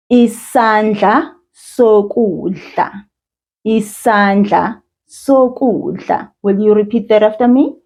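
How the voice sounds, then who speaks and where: A South African woman teaching children, with encouraging sing-song praise and slow call-and-repeat drills. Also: fairly high pitch, dark tone. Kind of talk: slow, patient kids' lesson with call-and-repeat. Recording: dull lo-fi sound.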